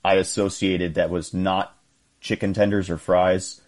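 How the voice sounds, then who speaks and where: A man's voice: low voice, level tone, a little slow, a little mellow. A man, calling in and telling stories in an easygoing way with chuckles. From Texas. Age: 30s. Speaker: caller. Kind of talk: call-in chat.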